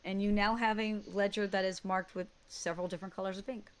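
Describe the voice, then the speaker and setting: A woman's voice: medium pitch, steady tone, fast, clean tone. A woman narrating a tabletop role-playing game as game master, chatty and descriptive. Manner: casual, chatty, describes scenes with sound words.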